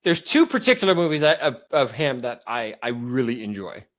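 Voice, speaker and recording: A hoarse man co-hosting a podcast, chatting casually and joking around. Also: mid-range voice, brisk. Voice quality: animated, joking. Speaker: podcast co-host. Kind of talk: casual chat.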